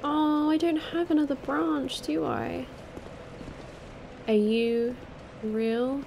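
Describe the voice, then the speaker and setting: Slow, high-voiced woman gamer. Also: vocal fry, background noise. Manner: excitable, jumpy reactions. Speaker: gaming streamer. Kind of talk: let's play commentary.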